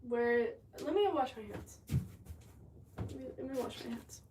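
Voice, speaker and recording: A woman ceramic artist talks casually and a bit scatterbrained to her livestream viewers while she works. Her voice sits a little high and comes from some distance off the mic. Clear noise hums behind her in the studio. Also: measured pace, darkish tone. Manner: chatty, scattered, talks to chat while working. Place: pottery studio.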